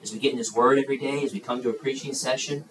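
Rapid-fire and medium-pitched, a man preaches animatedly to children at a youth camp, performing the story's voices and firing questions at the kids. A loud crowd fills the echoey, large campground room, and the rough recording is taken far from the mic.

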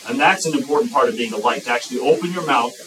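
A man preaching a sermon to a young audience, emphatic and repetitive, slowing down when he quotes scripture. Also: medium pitch, pushed and bright, recorded from a distance, slight background noise, low-quality recording. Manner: emphatic, repeats phrases, slows for quoted scripture.

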